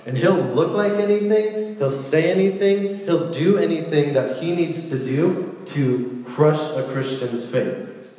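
A man giving a casual, playful sermon, telling a story with lively asides. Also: on the high side, a little slow. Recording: echoey hall with long reverb.

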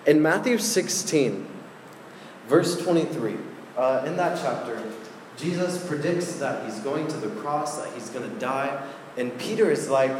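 Casual, chatty male preacher, slightly high voice, echoey hall sound. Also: animated, measured pace, slight background noise. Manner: conversational, filler-heavy. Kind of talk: casual sermon. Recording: echoey hall with faint ambience.

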